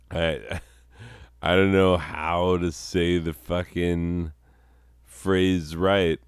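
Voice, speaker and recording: Low, slow-talking profane comedy host. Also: male voice, smooth, dry recording, clean studio sound. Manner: swears constantly, ranting and deadpan.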